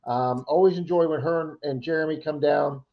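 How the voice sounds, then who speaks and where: A man's voice: a little high, a little fast. A man co-hosting a casual livestream chat, telling rambling stories and acting out other people's lines. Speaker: livestream co-host. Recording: dull lo-fi stream audio.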